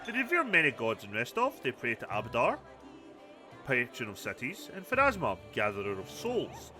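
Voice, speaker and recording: Man voicing a humble priest, calm, courteous, bright voice, background music. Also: mid-range voice, moderate pace, heavily acted. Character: humble older male high priest.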